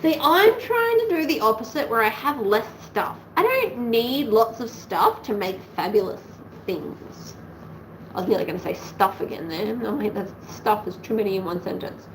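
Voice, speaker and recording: A woman's voice: fairly high pitch, very animated, normal speed, a little hiss or hum, poor audio. An Australian woman hosting a sewing livestream, chatting casually and rambling as she thinks aloud at home.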